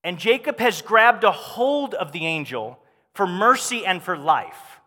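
A man preaching a sermon as pastor, talking to the congregation in a conversational, animated way. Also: high voice, measured pace. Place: church hall. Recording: long hall reverb.

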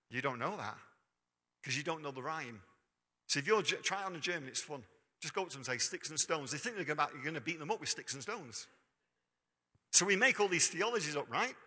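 A man's voice: on the high side, bright, forceful tone. A man preaching a sermon in a church, talking conversationally and quizzing the congregation. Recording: long hall reverb.

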